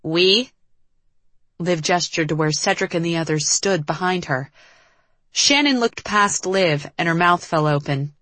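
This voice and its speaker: A woman narrating a novel as an audiobook reader in a measured, even storytelling manner. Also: fairly low pitch, no echo. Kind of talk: scripted narration.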